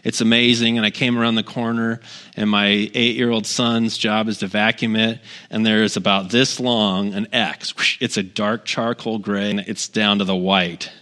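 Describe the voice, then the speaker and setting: A man's voice: lowish voice, little pitch movement, normal speed, sharp tone. A man in his thirties, a guest pastor giving a conversational sermon in a church, earnest and repeating key phrases for emphasis while talking straight to the congregation. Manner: talks directly to the congregation with asides.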